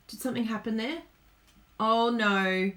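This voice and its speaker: A woman's voice: on the high side, very animated, slow pace, a bit bright. An Australian woman hosting a live card-making demo, chatty and giggly, talking to viewers as she works. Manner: chatty, giggly, reads viewer comments aloud. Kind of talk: live-streamed crafting demo.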